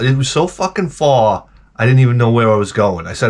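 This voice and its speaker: A man's voice: medium pitch, brisk. A man giving a profane, rambling comic rant to camera. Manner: profane, animated, jumps between tangents. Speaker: vlogger.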